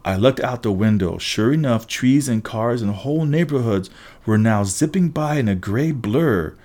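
A man narrating a storybook in a lively, emphatic first-person telling. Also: medium pitch, normal speed. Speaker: audiobook narrator.

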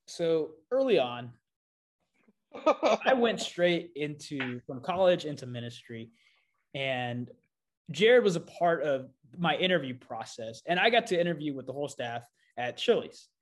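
A man hosting a podcast chats through a story in a loose, animated way. He pokes fun at himself and fills gaps with "um" and "you know." His voice sits a little high for a man. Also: measured pace. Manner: animated, self-deprecating, frequent fillers. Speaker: podcast host. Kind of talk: casual storytelling conversation.

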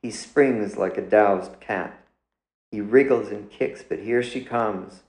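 A man, the author, reading his own literary story aloud in a measured, deliberate way. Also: on the low side, a little mellow, echoey room, poor audio. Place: indoors.

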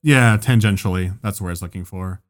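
A young man co-hosting a podcast, telling a story in a halting, stammering way. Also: deep voice. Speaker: podcast co-host. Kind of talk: casual podcast chat.

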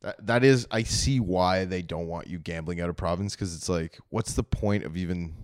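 Very deep-voiced young man, blunt comic. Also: moderate pace, no echo, clean studio sound. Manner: blunt, profane, jokey. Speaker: comedian podcast host. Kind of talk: casual podcast chat.

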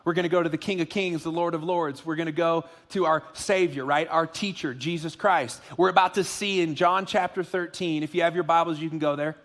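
A middle-aged man preaches a sermon to a church, with a voice a bit higher than most men's. He jokes and talks with animation, then settles into an earnest tone. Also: steady tone, brisk, few pauses, a bit bright. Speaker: pastor. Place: church auditorium.

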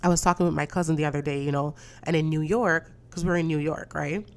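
Young female podcast host, low voice, congested with a cold, animated and profane storyteller. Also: fast. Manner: animated storytelling, swearing, acting out dialogue. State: stuffy from a cold. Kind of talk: casual solo podcast chat.

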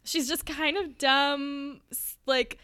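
A woman's voice: high voice, steady tone, takes it slowly, bright, forceful tone. A woman co-hosting a podcast in a giggly, enthusiastic casual chat. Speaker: podcast co-host.

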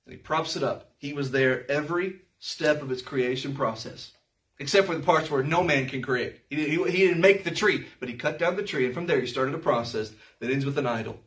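A man teaching through a Bible chapter to a congregation, reading verses and asking rhetorical questions, sometimes rising to a shout. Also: on the high side, a little fast, distant mic. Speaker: pastor.

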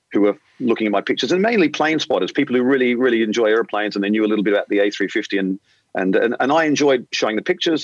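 A man's voice: medium pitch, dry recording, muffled recording. A man in his late forties or fifties, an airline captain being interviewed, telling a story at length and acting out the voices of the people in it. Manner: animated storyteller, acts out quoted dialogue. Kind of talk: conversational storytelling.

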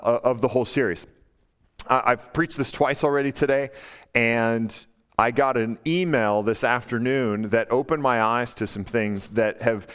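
A male pastor preaching a casual, animated sermon, acting out quotes in a playful, high teasing voice. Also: clean tone. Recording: long hall reverb.

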